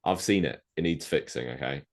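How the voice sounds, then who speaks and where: A man co-hosting a podcast in a relaxed, chatty way, often dropping "like" between thoughts. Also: rumbling low, a little fast, gravelly. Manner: chatty, with many "like" fillers. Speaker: podcast co-host. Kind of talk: casual chat.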